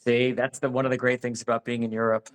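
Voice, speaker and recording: A man's voice: medium pitch, flat delivery, quick pace, clear, resonant tone. A man being interviewed about his acting work, talking casually and rambling with many restarts. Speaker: actor, interview guest.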